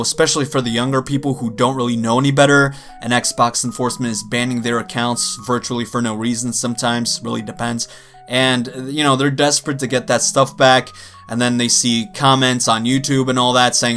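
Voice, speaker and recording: A man's voice: mid-range voice, fairly bright tone. A man speaking casually to his viewers, exasperated and loose, with lots of fillers. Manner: conversational, exasperated, with frequent fillers. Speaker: gaming video creator. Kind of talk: casual rant to camera.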